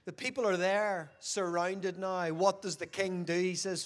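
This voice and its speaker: A man preaching a sermon who keeps asking the audience questions and moves between loud emphasis and quiet, reflective stretches. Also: high-pitched, fairly even intonation, normal speed.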